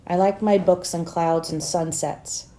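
A woman teacher reading a novel aloud to her students, in steady, plain storytelling. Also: fairly low pitch, a little slow, a little hiss or hum.

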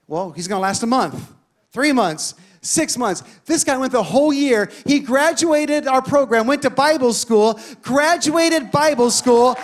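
Man, pastor, very high voice, lively sermon storytelling, builds to shouting. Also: moderate pace. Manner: animated, building to shouted declarations.

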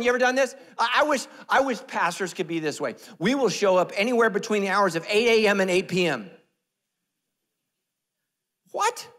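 Animated male pastor, high voice, hall echo. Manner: animated, joking, swings between loud and hushed. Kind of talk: sermon. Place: church sanctuary.

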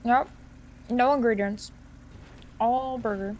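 Chatty, playful woman, slightly high. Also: steady tone, takes it slowly, a little mellow, a little hiss or hum. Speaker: gamer role-playing a character. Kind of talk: casual role-play chat.

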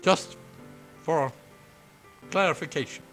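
A man streaming himself reading a visual novel aloud, breaking off into giggly, excitable asides. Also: on the high side, slow pace. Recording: faint game music behind.

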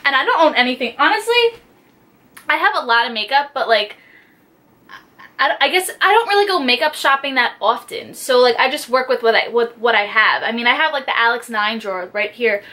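A young woman beauty vlogger gushes excitedly about makeup in a casual unboxing chat, piling on filler words. Her voice is a little high, bright and sharp, and she talks briskly.

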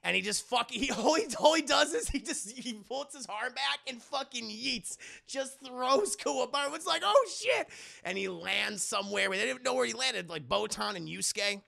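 Animated gravelly young man recapping to chat. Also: very high voice, normal speed, few pauses. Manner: animated, profane, storytelling. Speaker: streamer, anime reviewer. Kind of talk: casual recap to live chat.

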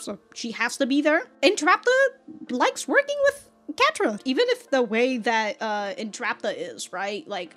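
A woman hosting a casual reaction video, swearing freely, laughing often and telling stories animatedly. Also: on the high side.

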